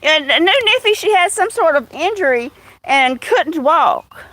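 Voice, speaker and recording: High-voiced woman, casual live chat outdoors, phone mic, coos at cats. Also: big pitch swings, measured pace, pushed and bright, dry recording. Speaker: livestream host. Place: outdoors among cats in the evening.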